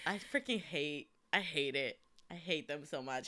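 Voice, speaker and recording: A woman's voice: low-pitched, normal speed. A young woman co-hosting a casual fan podcast, chatting and laughing with friends. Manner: laughing, animated fangirl chatter. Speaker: podcast co-host. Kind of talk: casual chat.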